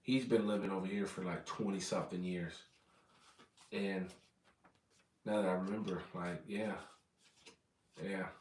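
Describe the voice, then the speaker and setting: A man's voice: low voice, steady tone, measured pace, pauses often, a little hiss or hum. An American man chatting casually on a livestream, rambling and often repeating words as he corrects himself. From United States. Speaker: vlogger. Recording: roomy sound, mic at a distance.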